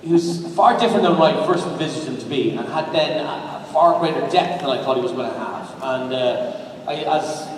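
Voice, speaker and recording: Rambling man on an echoey convention stage. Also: on the high side. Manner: rambling, halting, with many fillers. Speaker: actor on a fan convention panel. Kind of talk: casual panel talk. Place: large convention hall. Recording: echoey hall, distant fan recording, crowd noise. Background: audience murmur and hall noise.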